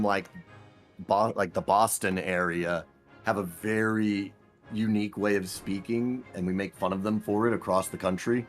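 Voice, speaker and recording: An American man chatting casually while gaming, rambling with restarts and swearing. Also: lowish voice. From United States. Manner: rambling, profane, many restarts. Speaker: gaming co-host.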